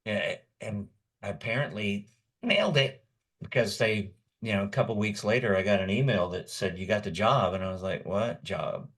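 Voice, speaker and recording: Rambling man in his sixties, lowish voice. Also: lively intonation, normal speed, fairly bright tone. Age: 60s. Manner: rambling, chuckling anecdotes. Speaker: voice actor guest. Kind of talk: casual storytelling.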